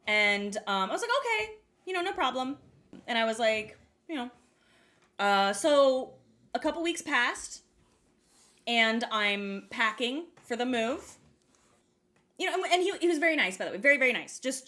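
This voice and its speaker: A young woman with a high, bright voice tells a story in relaxed podcast chat. She swears freely and laughs as she goes. She acts out other people's lines with sudden leaps in pitch. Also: normal speed. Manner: acts out quoted voices with big jumps in pitch.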